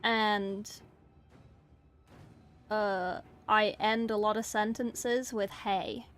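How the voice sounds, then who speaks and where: A woman's voice: medium pitch, steady tone, very slow, fairly bright tone, faint music behind. A woman from England and New Zealand, with an English accent that carries New Zealand traces, chatting playfully with viewers while she paints miniatures and answering the chat in short bursts.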